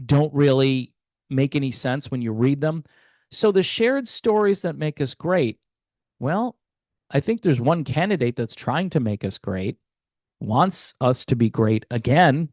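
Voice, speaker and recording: A man's voice: a little high, no room sound. A man hosting a commentary channel, arguing skeptically with many rhetorical questions and hesitant restarts. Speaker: music commentary channel host. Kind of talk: opinion commentary vlog.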